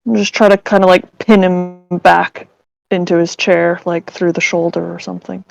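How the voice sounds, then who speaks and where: A woman's voice: fairly low pitch, flat delivery, moderate pace, creaky, darkish tone, no room sound, dull audio. A woman playing in a tabletop game, talking casually with a hesitant, filler-heavy manner. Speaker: player.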